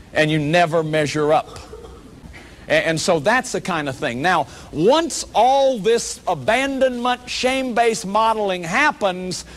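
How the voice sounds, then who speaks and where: A man's voice: sits high, slight background noise. A man giving a public lecture as a workshop leader, earnest and emphatic, often repeating words as he restarts.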